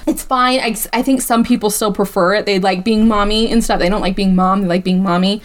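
A woman co-hosting a casual movie podcast, recapping the plot in an animated way and swearing often. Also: mid-range voice, a little fast. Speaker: podcast co-host reviewing a movie. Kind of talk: casual chat.

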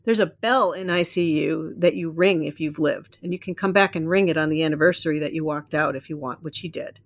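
A woman guest on a podcast, telling a personal story in an animated, rambling way and laughing often. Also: low voice, fairly quick. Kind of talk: storytelling in casual interview.

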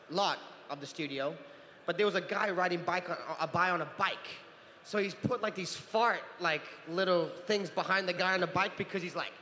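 Animated man telling stories in a hall. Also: high-pitched. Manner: animated storyteller, acts out voices, laughs often. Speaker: convention panel guest, actor. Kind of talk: storytelling Q&A on stage. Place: convention hall stage. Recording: roomy hall reverb with faint crowd noise.

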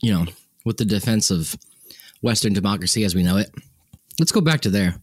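A man's voice: lowish voice, animated, a little fast, no room sound. A man co-hosting a podcast, telling rambling stories with sarcastic asides. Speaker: podcast co-host. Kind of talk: casual chat.

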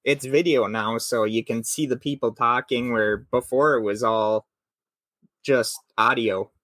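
A man's voice: mid-range voice, fairly even intonation, unhurried, a bit bright, no room sound. A man in his late twenties from Minnesota with a Minnesota accent, hosting a podcast interview over a video call and rambling with many fillers. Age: 20s. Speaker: podcast host.

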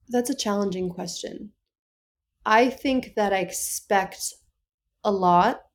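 A young woman guest on a podcast, talking candidly and playfully, acting out little quotes as she goes. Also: medium pitch. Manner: animated, playful, acts out quoted texts.

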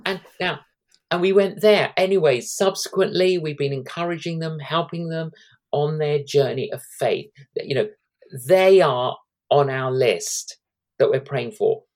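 A man in his sixties, an evangelist, telling lively anecdotes as a guest in an interview, acting out the quotes. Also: fairly high pitch, a little slow. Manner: animated anecdotes with acted-out quotes.

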